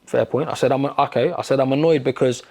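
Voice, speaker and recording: A man, a podcast guest, telling a story in casual talk, animated and swearing freely. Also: mid-range voice, quick pace, gravelly. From London. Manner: animated, swears freely, acts out quoted exchanges.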